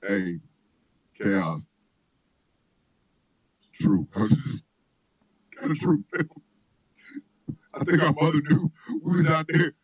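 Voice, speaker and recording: A male comedian hosting a radio show, joking in an animated way and often breaking into shouts and laughter. His voice is fairly high and husky. It is recorded dry and close. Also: takes it slowly, pauses often, dry recording, poor audio. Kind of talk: loud, joking casual chat.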